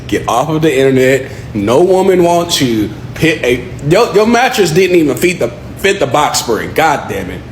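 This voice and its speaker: A man's voice: a little high, sing-song, normal speed, few pauses. A man rants in a mocking, exasperated way while reacting to a clip. His voice echoes around a roomy space, with faint noise behind it. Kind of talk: casual reaction rant. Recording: echoey room.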